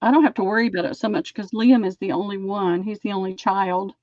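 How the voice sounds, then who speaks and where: A woman hosting a live-stream sale, chatting and describing lace items slowly. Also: mid-range voice, fairly even intonation, a little mellow, no room sound, lo-fi sound.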